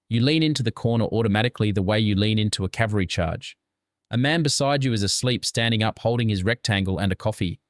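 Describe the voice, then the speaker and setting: A man tells a scripted second-person story in a steady, deadpan delivery. His voice sits somewhat low. The recording is close and dry, with no room sound. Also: dry recording. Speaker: narrator.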